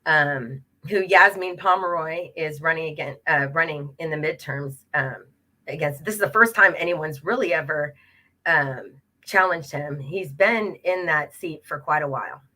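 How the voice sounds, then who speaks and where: A local progressive club president from the Los Angeles area of California tells a campaign story casually on a web talk show. She's animated, uses many fillers, and acts out quoted exchanges, speaking at normal speed in a low-pitched voice.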